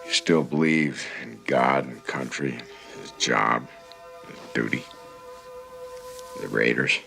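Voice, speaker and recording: A weary, gravelly border agent. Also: male voice, extremely low pitch, slow, music in the background, exaggerated voice. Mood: wry. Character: weary, cynical male border patrol agent. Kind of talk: film dialogue.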